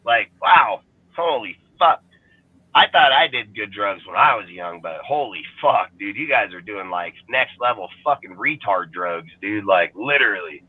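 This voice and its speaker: A man's voice: fairly low pitch, lively intonation, a little slow, slightly rough, no room sound. A man ranting heatedly about his football team in profane fan commentary. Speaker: fan show panelist. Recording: phone-like call audio, dry.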